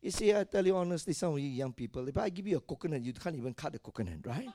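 A male pastor preaching a sermon, telling personal stories and building from quiet talk to loud, repeated exhortations. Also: fairly high pitch, sing-song, very fast. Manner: tells personal stories and addresses the congregation directly.

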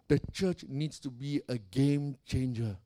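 A man preaching a sermon as pastor of a church, calling out to the congregation and swinging between soft and loud. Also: medium pitch, a little slow. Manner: preaching with call-and-response and dramatic swings in volume.

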